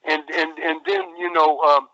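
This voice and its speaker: A man's voice: a little high, steady tone, normal speed, bright, forceful tone, dry recording, dull audio. An older man, a wrestling veteran, telling stories in a rambling interview, with many stalls and repeated words. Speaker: retired wrestler guest.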